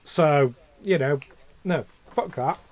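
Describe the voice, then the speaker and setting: A man's voice: fairly high pitch, slow, darkish tone, no room sound. A man co-hosting a podcast, talking casually with passion and many fillers and restarts. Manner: impassioned, ranting, lots of fillers and restarts. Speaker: podcast co-host.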